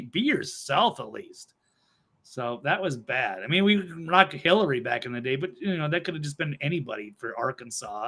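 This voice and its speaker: A man's voice: medium pitch, sharp tone. A man co-hosting a talk show, giving blunt, opinionated takes in casual chat. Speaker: co-host.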